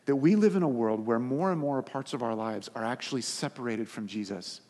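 A pastor delivers a sermon in an average-pitched male voice, earnest and steady. He builds emphasis through repeated phrases, then softens for quoted lines. The sound rings with the long reverb of a large hall. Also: a little fast.

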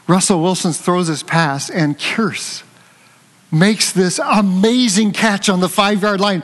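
An older man preaching a conversational sermon, telling a lively story and joking with his congregation. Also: high-pitched, takes it slowly, big-room sound. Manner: animated storytelling, jokes with the congregation.

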